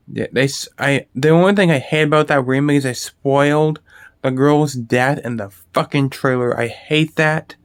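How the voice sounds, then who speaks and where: A man's voice: mid-range voice, creaky, dry recording. A man talking casually about horror movies, rambling and swearing freely, with frequent restarts and fillers. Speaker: video host.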